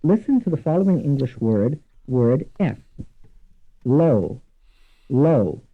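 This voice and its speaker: A man giving scripted instructional narration for a language course, measured and deliberate, repeating each example word twice. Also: a little high, big pitch swings. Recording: tinny lo-fi archival course audio.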